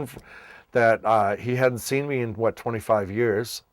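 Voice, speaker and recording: A man's voice: medium pitch, moderate pace, no echo, studio quality. A man from Massachusetts, a children's entertainer, casually telling his life story and acting out the voices of people he met. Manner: animated, acts out quoted voices.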